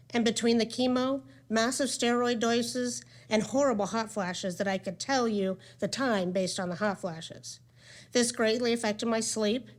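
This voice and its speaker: A woman in her forties gives a candid, conversational talk at a medical conference, telling her own story and speaking with frequent "um" and "like". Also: fairly high pitch. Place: conference session room.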